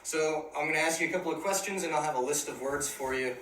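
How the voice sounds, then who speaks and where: A man's voice: on the high side, fast, a bit bright, a little hiss or hum. A man interviewing a guest, asking brief casual questions. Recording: echoey room from far off.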